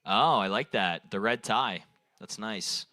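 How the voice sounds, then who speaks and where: Slow and forceful, a young man with a lowish, bright voice riffs through rambling improvised stand-up at an open mic night. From the bar stage he takes audience suggestions and laughs at his own jokes, captured in a dry recording.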